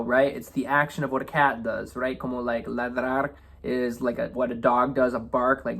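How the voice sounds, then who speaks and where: Male language teacher, mid-pitched, loose and chatty as he walks through lyrics. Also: normal speed, vocal fry, breathy edge. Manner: relaxed, repeats "right?" and "okay?" often. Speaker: Spanish teacher. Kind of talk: explaining song lyrics.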